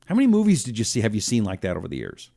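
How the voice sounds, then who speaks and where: A male talk show host with a gravelly, fry-heavy voice and a lively, swinging delivery. He rambles through listener comments on his own broadcast setup, in a casual and animated way. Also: fairly low pitch, very fast. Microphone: own broadcast setup, fixing a failed mic on air.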